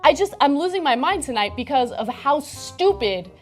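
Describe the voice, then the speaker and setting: A woman with a high, animated voice rants with indignant force, swearing for emphasis. Faint music runs under the talk. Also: normal speed. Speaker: co-host. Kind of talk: political commentary rant.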